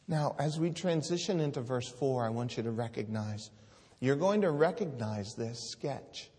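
A man's voice: mid-range voice, animated, normal speed, darkish tone, big-room sound. A man preaching a sermon, earnest and pleading, reading scripture aloud with rising force.

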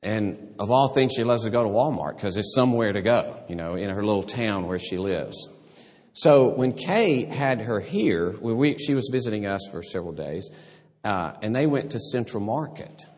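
A man's voice: on the low side, lively intonation, moderate pace, a little mellow. An older man preaching a sermon, telling stories and acting out voices with a laugh. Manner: storytelling, acts out voices and laughs. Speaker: pastor. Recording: long hall reverb.

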